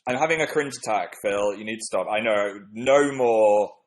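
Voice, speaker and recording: A man's voice: fairly low pitch, fairly quick, fairly bright tone, rough recording. A young man hosting a casual livestream, reading viewer comments in a playful, self-deprecating, rambling way. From northern England. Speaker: livestream host.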